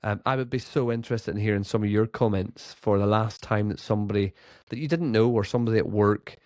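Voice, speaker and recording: A man speaks in a low, mellow voice, telling an earnest story as a grassroots coach. He gets animated when he acts out what others said. The sound is dry and close. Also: quick pace, no room sound. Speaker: grassroots football coach and podcast host. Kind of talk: casual storytelling monologue.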